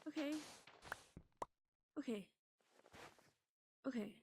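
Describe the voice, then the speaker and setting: A woman's voice: on the high side, drawn-out words, mellow, slight background noise. A woman chatting during live gameplay, panicky and near tears, repeating herself over and over. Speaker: gamer.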